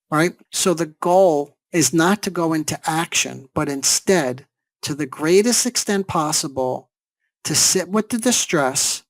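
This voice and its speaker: A man's voice: fairly high pitch, measured pace, dry recording. A man giving a seminar lecture on therapy, explaining step by step and checking in with rhetorical questions. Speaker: psychologist teaching a seminar.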